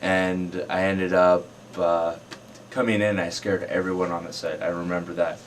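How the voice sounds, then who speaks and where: Deep-voiced man telling set stories. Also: flat delivery, normal speed. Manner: storytelling, frequent uhs. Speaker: actor. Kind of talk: casual anecdote. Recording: distant mic, faint hiss.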